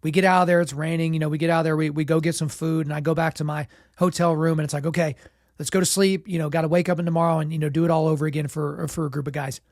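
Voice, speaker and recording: Racing through his story, this podcast host has a somewhat high voice roughened by a sore, sick throat. He's relaxed and self-deprecating, peppering his speech with "you know" and "like," in clean studio sound with no room noise.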